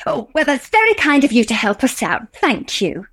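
A woman's voice: sits high, wildly swooping pitch, normal speed, fairly bright tone, breathy edge, heavily acted. An actress playing a polite, fussy woman helping run auditions.

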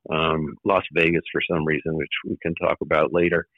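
A man guest in an interview, recalling his years in the record business in a halting way, with many fillers and restarts and the odd wry laugh. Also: extremely low pitch, little pitch movement, no room sound, narrow, tinny audio. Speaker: former record label executive, guest. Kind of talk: conversational interview storytelling.

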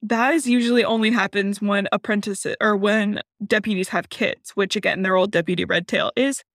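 A young adult woman hosting a podcast, retelling a book in a casual, animated and giggly way. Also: mid-range voice, normal speed, no room sound, clean studio sound. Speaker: podcast host. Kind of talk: casual book recap chat.

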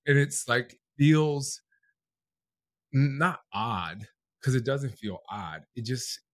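A man's voice: medium pitch, expressive, slow, no echo. A man in his thirties talking with his husband in casual, heartfelt chat, full of "like" fillers. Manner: heartfelt, many "like" fillers, voice cracking with emotion. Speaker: podcast co-host, married to the other speaker.

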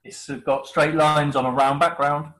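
A man's voice: a little high, little pitch movement, unhurried, a bit bright, low-quality recording. A man with a West Country English accent, co-hosting a casual podcast chat, teasing and laughing often. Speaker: podcast co-host.

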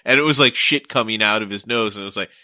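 A young adult man co-hosting a casual podcast, making wry, deadpan quips. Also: fairly low pitch, quick pace, no room sound, studio quality. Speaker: podcast co-host. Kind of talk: casual chat.

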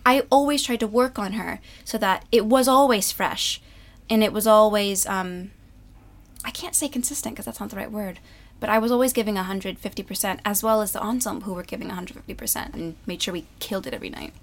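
A woman's voice: mid-range voice, a little fast. A young woman, a stage actress, chatting candidly in an interview and laughing easily. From United States. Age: young adult. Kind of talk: casual interview chat.

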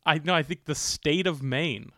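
A man's voice: a little high, normal speed, bright, forceful tone, dry recording. Rambling male podcast host, dry sound. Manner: rambling, filler-heavy, laughing. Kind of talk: casual comedic chat.

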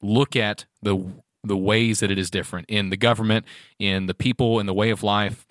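A low-voiced man hosts a relaxed conversation, speaking earnestly and at a measured clip. He fills pauses with ums, and his voice sounds close and dry. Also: dry recording. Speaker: podcast host. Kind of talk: casual interview talk. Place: around a table with guests.

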